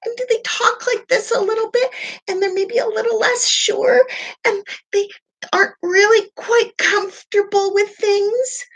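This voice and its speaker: A timid, insecure woman, put on by a life coach with a thin, shaky voice pushed much higher than her usual. She sounds hesitant and small, as if not quite sure of herself. The tone trembles a little. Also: steady tone, unhurried, a bit bright, exaggerated voice, low-quality recording. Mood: meek, unsure. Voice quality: high, wavering, shaky.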